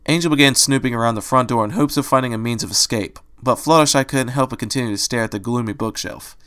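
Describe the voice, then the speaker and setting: Male narrator, mid pitch, steady storytelling reader. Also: fast, hardly any pauses. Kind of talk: reading fan fiction aloud.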